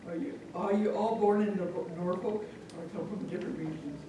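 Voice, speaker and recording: A middle-aged woman from Omaha telling a folk tale live to an audience, lively and chatty, with asides to the crowd. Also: lowish voice, moderate pace, noisy background. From Omaha, Nebraska. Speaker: storyteller. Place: large event hall. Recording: echoey hall from far off.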